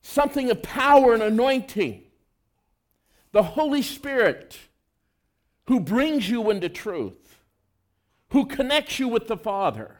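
A man preaching a sermon in an earnest, conversational way, swinging between loud emphasis and soft, low passages. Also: sing-song, measured pace, long pauses.

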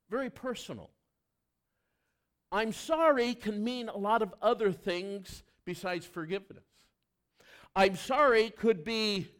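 Middle-aged male pastor, higher voice with a very lively pitch range, sermon delivery that moves between loud emphasis and hushed asides, questions the congregation directly.

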